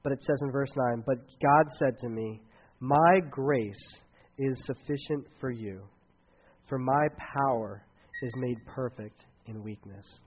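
A pastor giving a casual, conversational sermon with joking asides. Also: male voice, medium pitch, unhurried, muffled recording, a little hiss or hum.

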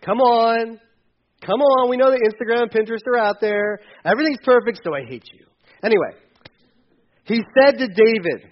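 A man preaching a sermon, animated and jokey, acting out a Bible story in voices. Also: high-pitched, fairly quick, highs cut off.

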